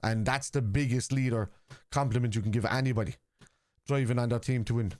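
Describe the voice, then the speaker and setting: A man's voice: medium pitch, fairly even intonation, a little fast, a little mellow. An Irish man hosting a live football watchalong stream, arguing point by point with viewers' comments in a combative way.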